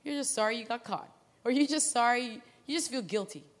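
A woman preaching in a casual, storytelling way, acting out the characters in quick asides. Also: on the high side. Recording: long hall reverb.

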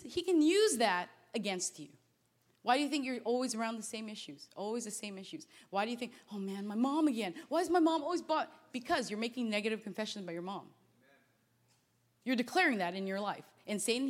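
High-voiced woman preaching animatedly. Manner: animated, swings between quiet asides and loud exclamations; conversational, laughs often. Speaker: pastor. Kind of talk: sermon to a youth audience.

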